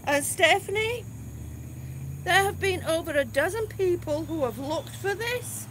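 A woman's voice: extremely high pitch, expressive, unhurried, background noise. A middle-aged woman vlogging outdoors in casual live-stream chat, chatty and a little exasperated, with sighs. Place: outdoors on grass. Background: crickets and passing cars.

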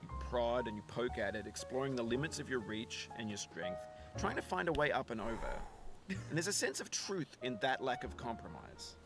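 A man narrating a video game in a measured, thoughtful voice-over, reflecting calmly on climbing and failure. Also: mid-range voice, close to an everyday voice. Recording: game narration with music behind.

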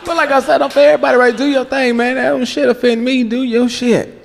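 A man performing a stand-up comedy set, telling profane, animated stories on a club stage before a live audience. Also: very high-pitched, quick pace, creaky. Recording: live club recording with echo, audience laughter and noise.

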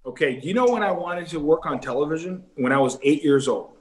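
A man's voice: on the high side, fairly quick. A middle-aged man, a former ballplayer, telling stories in a casual interview and acting out other people's lines. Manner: animated storyteller who acts out other people's lines.

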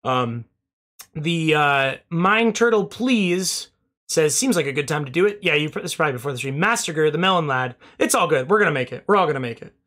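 A man's voice: fairly high pitch, lively intonation, brisk, sharp tone. A young man streaming, rambling casually through thank-yous to his chat and swearing now and then, a little out of breath.

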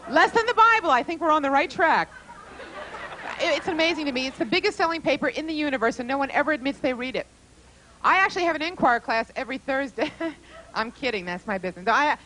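Bright high-voiced young comedienne. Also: female voice, rough recording. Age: young adult. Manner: chatty, wry and conversational with the crowd. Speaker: stand-up comedian. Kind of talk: stand-up comedy routine.

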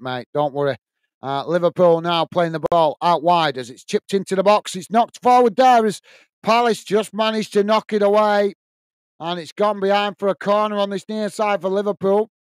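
A man's voice: a little high, no room sound. A man hosting a football watch-along, giving live commentary and chatting with viewers, full of fillers and restarts.

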